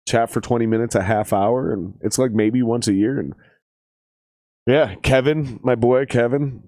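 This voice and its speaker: A man's voice: mid-range voice, a little slow, no echo, clean studio sound. Foul-mouthed man telling stories. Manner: profane, animated storyteller who acts out quotes. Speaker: podcast host. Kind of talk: casual chat, profane storytelling.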